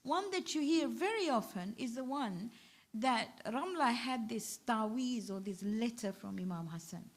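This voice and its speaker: A woman with a British accent delivers a majlis sermon in a fairly high voice. She tells the story with feeling and acts out each quoted line of dialogue. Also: expressive, measured pace. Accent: British English. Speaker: zakira. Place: ladies' majlis hall.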